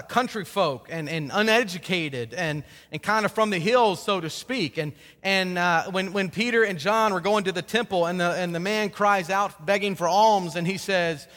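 High-voiced man preaching in an echoey hall. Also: fairly bright tone. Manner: conversational preaching with repeated words and restarts; acts out quoted speakers in dialogue. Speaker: pastor. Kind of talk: sermon.

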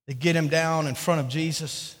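A man preaching a sermon as a pastor, telling a story with animated delivery and acting out the characters. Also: a little high, normal speed, in a large hall.

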